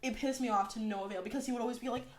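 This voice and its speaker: A woman's voice: a little high, fairly even intonation, racing, a crowd in the background. A young woman hosting a podcast, telling a story in a casual, exasperated way and saying "like" a lot. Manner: chatty, exasperated storytelling with frequent "like". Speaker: podcast host. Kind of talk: casual chat.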